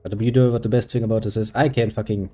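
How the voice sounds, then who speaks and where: A man's voice: lowish voice, fairly even intonation, fast talker, warm tone. A man with a German accent giving casual, sarcastic gameplay commentary as a streamer, rambling and swearing freely. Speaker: gaming streamer.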